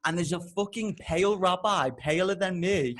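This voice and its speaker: A young man on a podcast, telling a comic story with heavy swearing and loud, exasperated outbursts. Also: high-pitched, moderate pace. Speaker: podcast co-host.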